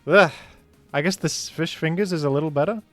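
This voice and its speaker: Animated man commentating a guessing game. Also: on the high side, normal speed, dry recording, soft background music. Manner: animated, incredulous outbursts. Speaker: streamer. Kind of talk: casual gaming commentary.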